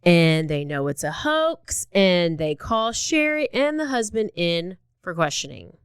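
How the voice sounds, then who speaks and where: A woman co-hosting a casual true-crime podcast, telling the story in animated bursts with sudden jumps in pitch. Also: a little slow, clear, resonant tone, dry recording, clean studio sound. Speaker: podcast co-host.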